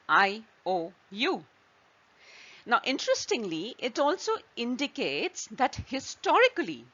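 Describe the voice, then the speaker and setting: A woman's voice: a little high, pushed and bright. A woman hosting an online French lesson, explaining patiently step by step with examples. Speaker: French teacher. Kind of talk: slow online language lesson. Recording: slightly dull lo-fi recording.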